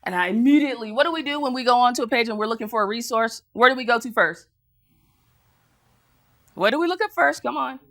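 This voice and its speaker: A woman delivers a motivational speech from a conference stage, telling her story with lively energy. Her voice sits a bit high and sounds bright and forceful, and she jumps into other people's voices to act out the scenes. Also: fast talker, pauses often. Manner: animated storytelling, acting out voices, laughing. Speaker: motivational speaker.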